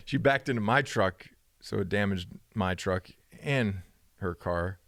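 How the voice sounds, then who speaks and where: Low-voiced man telling stories. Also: slow, no echo, studio quality. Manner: animated storyteller, acts out quoted dialogue with rising pitch. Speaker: podcast co-host. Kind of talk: casual chat.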